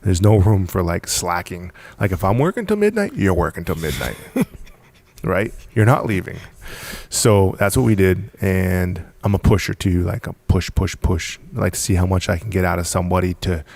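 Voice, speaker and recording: Gravel-voiced man telling a founding story. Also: low voice, lively intonation, moderate pace, darkish tone, no room sound. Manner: emphatic, repeats words, laughs often. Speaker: podcast guest, business founder. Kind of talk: casual storytelling.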